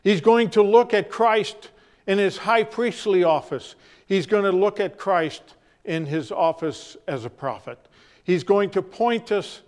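Man preaching, high voice, slow deliberate pace, repeats phrases, loud then hushed. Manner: dramatic storytelling with pauses, acts out quoted voices. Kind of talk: sermon.

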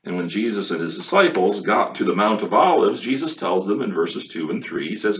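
A man's voice: on the low side, expressive, a little fast, few pauses. A man preaching a sermon, emphatic and full of rhetorical questions, recorded on a distant mic with a dull, lo-fi sound. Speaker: pastor.

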